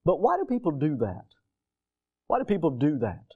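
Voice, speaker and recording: Mellow-voiced man preaching a sermon. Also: a little high, huge pitch swings, normal speed, slightly rough, lo-fi sound. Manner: preaching, rising to emphatic declarations, reads scripture aloud. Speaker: pastor.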